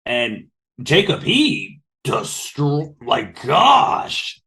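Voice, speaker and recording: A man's voice: on the high side, extremely slow, slightly rough. A man hosting a podcast in casual chat, rambling along with lots of fillers. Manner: rambling, filler-heavy, relaxed. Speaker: podcast host.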